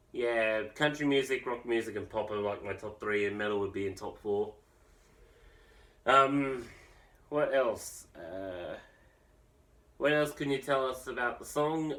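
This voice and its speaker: A man, chatting casually to his viewers in a rambling, opinionated way, full of restarts and fillers. His voice sits at an ordinary middle pitch and sounds a bit distant from the microphone. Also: a bit bright. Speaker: musician. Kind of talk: casual vlog talk to camera.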